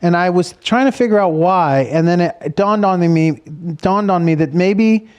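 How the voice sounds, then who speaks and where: Male comedy podcast co-host, laid-back and halting, voice a touch high. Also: darkish tone, clear, resonant tone. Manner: low-key, halting, trailing off mid-thought. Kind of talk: casual comedic chat.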